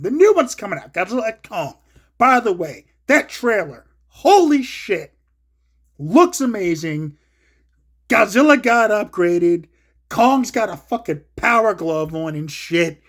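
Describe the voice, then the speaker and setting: A man hosting his own show, ranting about movies casually, swearing a lot and swinging from low mutters to loud excited outbursts. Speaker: solo show host.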